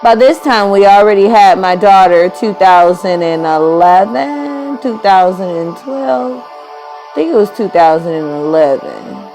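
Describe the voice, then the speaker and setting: A woman's voice: medium pitch, animated, a little slow, darkish tone, faint music behind, rough recording. A woman in her thirties casually telling a personal story, rambling and correcting herself as she goes. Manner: rambling, self-correcting, candid. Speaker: vlogger.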